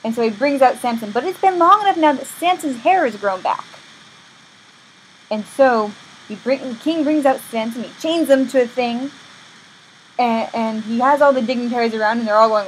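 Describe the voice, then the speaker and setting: A woman's voice: fairly high pitch, normal speed, slight background noise, low-quality recording. Playful woman retelling a story. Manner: playful and irreverent, with restarts. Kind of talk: comic casual story retelling.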